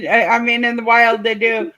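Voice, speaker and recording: A woman's voice: a little high, flat delivery, normal speed, sharp tone. A woman co-hosting a casual livestream, thanking viewers and wrapping up the show. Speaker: co-host.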